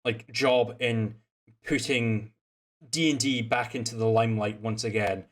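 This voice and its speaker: After a tabletop stream, its host and game master, a young man from Scotland, rambles on casually, full of fillers and false starts. His mid-range voice stays steady and unhurried.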